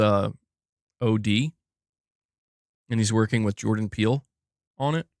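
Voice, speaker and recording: A man's voice: medium pitch, dry recording, studio quality. A young man hosting a casual gaming livestream, rambling with many restarts and addressing the chat as dude and bro. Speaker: livestream host.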